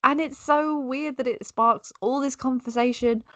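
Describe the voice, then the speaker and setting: A woman's voice: high voice, steady tone, moderate pace, a bit bright, no room sound. A young woman in her twenties co-hosting a podcast, laid-back and blunt, laughing often, talking over a video call. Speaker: podcast co-host. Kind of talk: casual chat.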